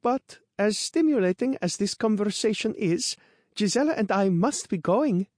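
A man's voice: sits high, animated, normal speed, a little mellow, no echo, pitched above the performer's own voice. A proud young girl, her words clipped and tight as if forced through clenched teeth, voiced by a male narrator. The voice is raised well above a man's register with an altered timbre, in a dry storybook reading. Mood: restrained. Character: proud young girl holding back anger.

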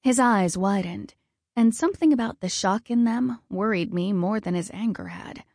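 A woman narrating a first-person fantasy story in a calm, even storytelling manner. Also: medium pitch, normal speed, dry recording, clean studio sound. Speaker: audiobook narrator.

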